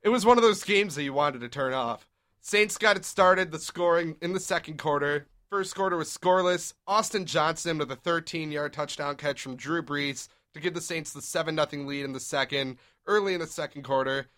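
A young man hosts a casual sports talk show, steering the chat with quick, upbeat recaps of the game. His voice is forceful and bright, sitting a touch high for a man. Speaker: podcast host.

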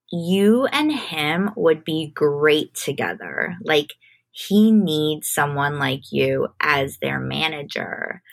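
The guest on this podcast is a woman entertainment manager with a deep, slightly bright voice. She speaks frankly and thoughtfully in the easygoing interview, repeatedly restarting what she's saying.

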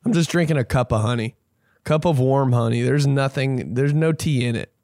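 On his podcast, a male comedian rants casually at a moderate pace, swearing freely and losing his train of thought. His middle-pitched voice is recorded close and dry with no room sound, and he keeps breaking into loud, high, mocking voices.

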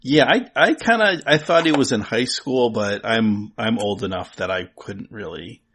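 A man chatting casually as a podcast guest, rambling and halting as he thinks aloud. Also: lowish voice, animated, fairly bright tone, husky. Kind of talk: casual chat.

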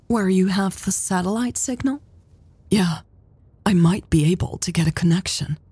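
A woman voicing Louise, a tense and guarded adult woman in an audiobook romance, in a husky, breathy voice. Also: on the low side, moderate pace, warm tone, no echo. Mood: tense, hushed.

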